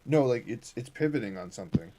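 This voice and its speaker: A man running a tabletop game as dungeon master, describing scenes in a halting way full of fillers and restarts. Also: medium pitch, expressive, a loud crowd. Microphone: streaming setup with cameras.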